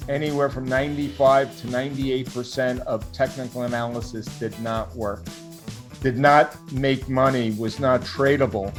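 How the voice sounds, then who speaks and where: An older man with a New York accent, a guest fund manager talking casually and reflectively, with hesitant fillers, from his home over a remote call. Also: mid-range voice. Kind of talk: casual interview talk.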